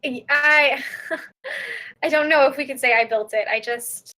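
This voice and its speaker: In an improvised tabletop role-play, a woman player voices her character Laura, a nervous young woman on an awkward dinner date who comes across as hesitant and giggly. Her voice sits high and moves slowly, with a sharp tone and heavy acting.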